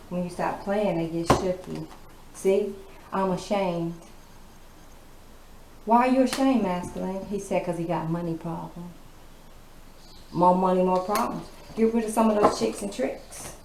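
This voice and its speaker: A woman's voice: mid-range voice, a little slow. A woman giving a casual tarot reading. She talks bluntly, with a sassy tone and plenty of swearing. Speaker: tarot reader. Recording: echoey room with background noise.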